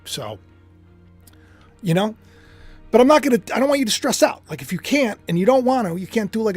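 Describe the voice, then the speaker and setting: A man with a high-pitched voice hosts a casual, speculative monologue and rambles to his viewers, restarting sentences and drifting into asides. The sound is dry and close to the mic, with faint music underneath. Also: dry recording. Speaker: host.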